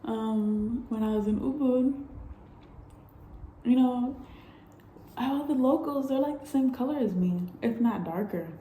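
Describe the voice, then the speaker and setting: Young woman vlogger, dark roomy sound. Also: a little high, unhurried, long pauses, slight background noise. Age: young adult. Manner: candid, animated storytelling with frequent swearing and laughs. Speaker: travel vlogger. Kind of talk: casual storytelling vlog.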